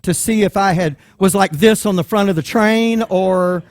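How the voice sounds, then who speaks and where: Man, preacher, animated storytelling, fairly high voice, dry close sound. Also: moderate pace, dry recording. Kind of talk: sermon storytelling.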